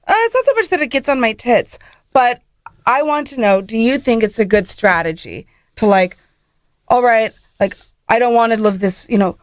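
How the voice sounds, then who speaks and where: A woman's voice: medium pitch, no room sound. Frank American woman comedian, dry mic. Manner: frank, bawdy, animated. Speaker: comedian guest. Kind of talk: casual comedic chat.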